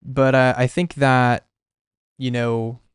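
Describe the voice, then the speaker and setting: A man's voice: mid-range voice, flat delivery, takes it slowly, clear, resonant tone, no echo, clean studio sound. A young man talking casually on a livestream while he sketches, rambling with lots of "like" and restarts. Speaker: artist streaming.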